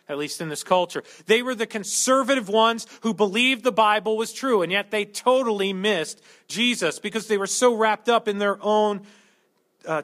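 A man's voice: sits high, fairly bright tone. A man preaching a conversational sermon, working through a Bible passage verse by verse with humorous everyday asides. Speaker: pastor.

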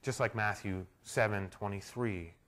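A middle-aged male pastor preaching a sermon, shifting from hushed storytelling to loud, emphatic declarations. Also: on the low side, fairly even intonation, a little slow.

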